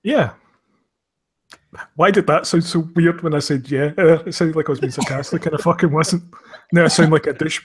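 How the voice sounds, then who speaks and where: A man's voice: a little high, steady tone, quick pace, slightly rough. A Scottish man from Glasgow hosting a livestream podcast, chatting casually in a blunt, sweary, mocking way. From Scotland. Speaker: podcast host.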